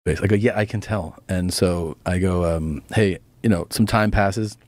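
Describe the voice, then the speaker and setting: A man with a lowish voice chats casually on a podcast. He rambles through anecdotes and acts out the quotes. The sound is close and dry. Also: measured pace, a little mellow, no echo. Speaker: podcast guest.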